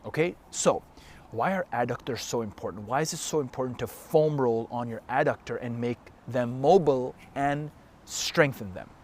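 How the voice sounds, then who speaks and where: A man's voice: mid-range voice, moderate pace, a little mellow, a little hiss or hum. A man giving an emphatic, blunt motivational talk straight to the camera as a fitness coach, with frequent swearing. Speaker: fitness and self-help coach.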